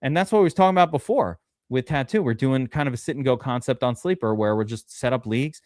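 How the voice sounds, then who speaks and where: A man's voice: mid-range voice, lively intonation, quick pace, a little mellow, no echo, clean studio sound. A man hosting a live fantasy football draft stream, chatting casually and rambling with restarts.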